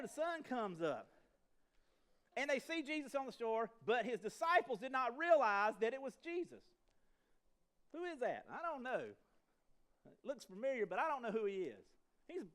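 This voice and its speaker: A man preaching a fast, animated sermon as pastor of a church, quizzing the congregation and acting out voices in a folksy way. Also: very high-pitched, clear, resonant tone. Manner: animated, talks fast, asks the congregation questions; acts out quoted voices in a folksy way. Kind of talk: lively sermon. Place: church sanctuary.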